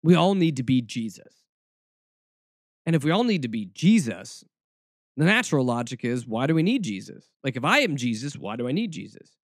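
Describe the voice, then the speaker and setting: A man's voice: medium pitch, big pitch swings, moderate pace, dry recording. A man hosting a podcast, talking in a snarky, rambling monologue with frequent restarts, close to the mic. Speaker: podcast host. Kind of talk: casual monologue.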